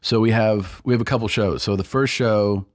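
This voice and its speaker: Low-voiced man telling a story, dry sound. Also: moderate pace, no echo. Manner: animated storyteller, acts out others' lines, laughs often. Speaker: podcast co-host and comedian. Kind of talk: casual storytelling chat.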